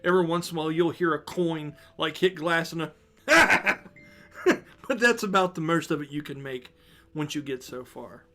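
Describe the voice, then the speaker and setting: A man narrates a tabletop game as dungeon master. His voice sits on the higher side, and he talks in a relaxed, chatty way, laughing easily. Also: normal speed.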